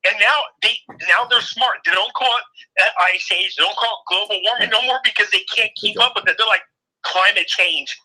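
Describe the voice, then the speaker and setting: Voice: mid-range voice, fairly quick, sharp tone, low-quality recording. An older co-host in casual political chat, opinionated and mocking the people being quoted.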